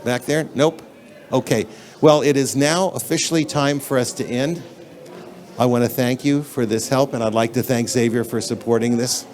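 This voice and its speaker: A man's voice: mid-range voice, steady tone, moderate pace, darkish tone. A man giving a conference lecture in a lecture hall, talking in an emphatic, blunt and conversational way, addressing the audience directly.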